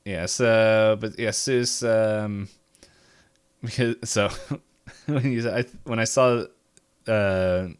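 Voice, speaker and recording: A man's voice: fairly low pitch, steady tone, extremely slow, pauses often, smooth. A man co-hosting a podcast, casually recapping a cartoon episode in a rambling way and acting out the characters' lines, on a home computer mic. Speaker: podcast co-host.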